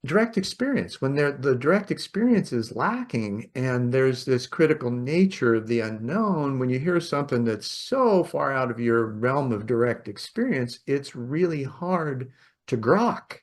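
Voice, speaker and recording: A man hosting a podcast, telling a personal story in a rambling, reflective way with soft laughs. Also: medium pitch, sing-song, a little slow. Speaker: podcast host. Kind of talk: reflective storytelling in casual conversation.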